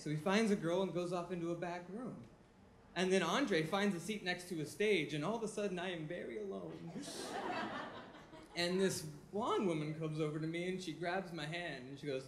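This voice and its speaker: High-voiced young man telling a comic story. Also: fairly quick. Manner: self-mocking, laughing through lines. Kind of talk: live personal storytelling. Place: live storytelling show in a dance venue. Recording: echoey live room with audience noise.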